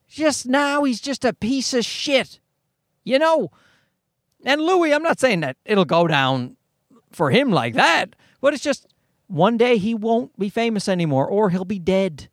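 A man's voice: extremely high pitch, lively intonation, unhurried, a bit bright, dry recording, clean studio sound. Rambling profane man in his thirties. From Newfoundland, Canada. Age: 30s. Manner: rambling, easily sidetracked; profane and blunt. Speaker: stand-up comedian. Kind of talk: casual storytelling monologue.

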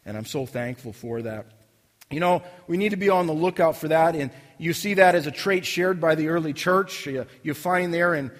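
A man's voice: a little high, normal speed, long reverb tail. A man preaching a sermon in an earnest, conversational way, often restarting phrases and telling a story. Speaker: pastor.

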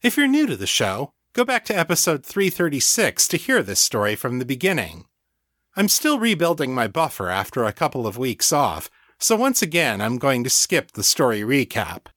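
A man's voice: mid-range voice, huge pitch swings, moderate pace, a bit bright, dry recording, studio quality. A man hosting a fiction podcast, giving a scripted introduction in an upbeat, announcing tone. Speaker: podcast host. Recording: intro music playing behind.

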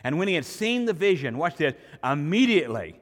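A man's voice: fairly high pitch, big pitch swings, fairly quick, big-room sound. A pastor giving a sermon to his congregation in a church, preaching earnestly and building to emphatic points. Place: church sanctuary.

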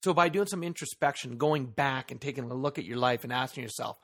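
A man's voice: mid-range voice, fast talker, fairly bright tone. A man hosting a solo motivational podcast who talks earnestly into a microphone, leans hard on key words and asks the listener rhetorical questions. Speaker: podcast host.

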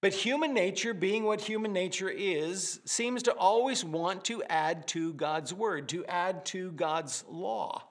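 High-voiced man preaching a sermon. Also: slow pace, few pauses. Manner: animated preaching with vivid word pictures and humorous asides. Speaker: pastor.

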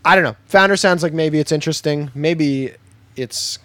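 A man's voice: a little high, normal speed, pushed and bright, dry recording. Man, casual podcast chat, blunt, jokey, laughs a lot, dry close sound. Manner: blunt, joking, laughs often. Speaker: podcast co-host.

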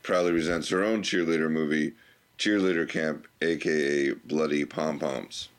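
A man with a low voice hosts a chatty podcast. He jokes around and laughs often as he trades banter with his co-host. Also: fairly even intonation, moderate pace. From United States. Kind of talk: casual banter.

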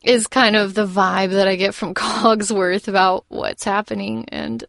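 A young woman co-hosting a casual film discussion podcast, chatty and lively, with frequent restarts. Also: mid-range voice, measured pace, vocal fry, few pauses, no room sound. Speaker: podcast co-host.

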